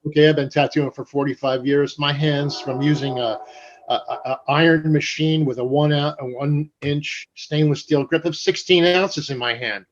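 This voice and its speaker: A man's voice: fairly high pitch, steady tone, normal speed, lo-fi sound. A man in his sixties, a guest tattoo artist, telling profane stories casually in an interview and acting out the voices in them.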